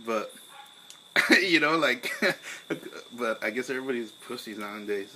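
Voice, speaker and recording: A young man, co-hosting a casual podcast over beers, telling a profane story and acting out his own angry shouting. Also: mid-range voice, lively intonation, measured pace, noisy background. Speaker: podcast co-host.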